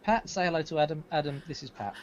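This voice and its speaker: A man playing a tabletop horror game, animated and sometimes shouting in character. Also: on the high side, quick pace, muffled recording, a little hiss or hum. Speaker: player.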